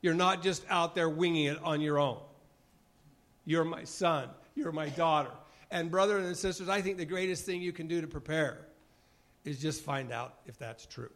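In a devotional talk, a former mission president with a slightly high, somewhat bright voice speaks at normal speed. He earnestly bears testimony and re-enacts short conversations from his mission presidency, choking up emotionally at points.

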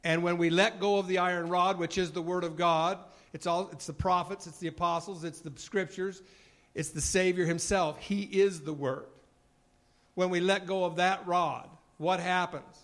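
Man, earnest sermon, bearing testimony, slightly high voice, emotional at times. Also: steady tone, normal speed, fairly bright tone. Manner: earnest testifying, acts out dialogues. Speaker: former mission president giving a devotional talk.

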